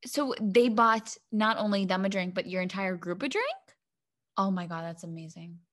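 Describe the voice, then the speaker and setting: A woman's voice: mid-range voice, normal speed, a bit bright. A young woman co-hosting a podcast, chatting casually, swearing freely and filling with "like" and "um". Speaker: podcast co-host.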